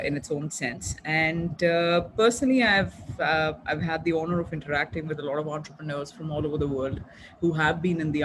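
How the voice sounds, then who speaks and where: Woman, middle-aged, earnest and halting, video-call sound, faint background hiss. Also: deep voice, low-quality recording. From India. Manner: hesitant, many fillers and restarts, earnest. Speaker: guest speaker, entrepreneur. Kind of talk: webinar talk.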